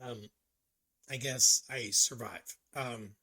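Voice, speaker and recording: A man talking to camera in a casual personal vlog, halting and reflective, with many ums and restarts. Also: mid-range voice, fairly even intonation, bright, forceful tone. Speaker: vlogger.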